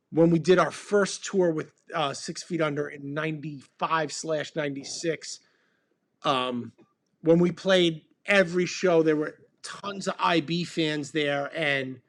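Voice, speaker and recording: Gravelly rambling man in his fifties. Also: on the high side. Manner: rambling and laid-back, many ums and uhs. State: drinking bourbon while talking. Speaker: band member hosting a livestream. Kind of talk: casual livestream chat.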